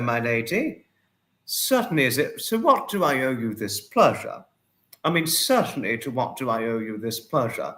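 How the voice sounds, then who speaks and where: A man hosting a casual livestream, warmly greeting and thanking viewers by name and apologizing often. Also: medium pitch, big pitch swings, moderate pace. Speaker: livestream host. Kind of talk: casual livestream chat reading viewer comments.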